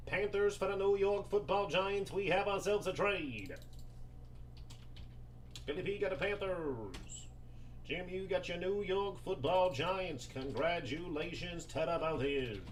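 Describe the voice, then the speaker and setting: Man, card break host, live commentary, rapid-fire listing, joking, a bit high-pitched, faint room noise.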